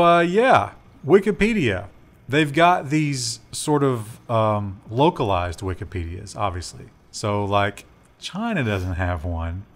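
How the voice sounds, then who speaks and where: Lively joking man discussing tech news. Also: fairly low pitch. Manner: lively, joking, trails off with fillers. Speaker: news show co-host. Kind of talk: casual tech news banter.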